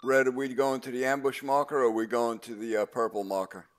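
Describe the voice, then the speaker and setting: A man's voice: mid-range voice, level tone, fast talker. A man in a tactical military game's voice chat, calling radio check-ins and giving squad orders.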